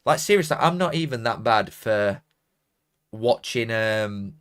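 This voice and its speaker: Chatty South Yorkshire lad on a stream. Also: male voice, on the low side, lively intonation, unhurried, fairly bright tone, clear, resonant tone. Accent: Barnsley, South Yorkshire. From South Yorkshire, England. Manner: rambling, self-mocking, broad dialect grammar. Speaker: football streamer reading donations. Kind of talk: casual live watchalong chat.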